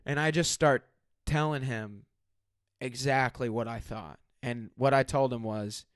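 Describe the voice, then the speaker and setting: Young man, mid-pitched and emphatic, telling a story in casual conversation, dry close recording. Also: steady tone, a little slow, no echo. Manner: casual and emphatic, with many "like" fillers.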